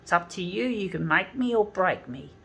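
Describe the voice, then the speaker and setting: A woman's voice: on the low side, lively intonation, moderate pace, creaky, husky. A woman ranting angrily to her viewers, swearing and repeatedly calling them "folks.". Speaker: vlogger. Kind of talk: ranting monologue to camera.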